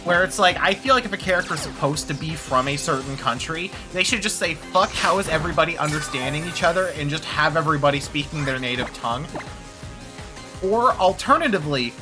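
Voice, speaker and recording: Over music, a streamer talks briskly and animatedly in a mid-range voice while playing a video game. The chat is casual and rambling, full of swearing and laughs.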